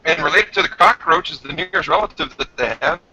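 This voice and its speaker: A man's voice: on the high side, a little fast, pushed and bright, a little hiss or hum, low-quality recording. A man with a New Brunswick accent hosting a casual livestream chat, chatty and full of fillers. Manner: chatty, laughs often, many fillers. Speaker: channel host. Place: home.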